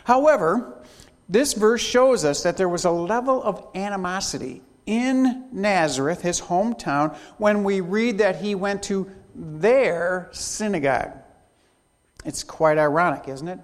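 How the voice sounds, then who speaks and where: A man preaching a sermon in a church, speaking in an unhurried, emphatic way with long pauses. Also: high voice, animated. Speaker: pastor. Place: church sanctuary. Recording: long hall reverb.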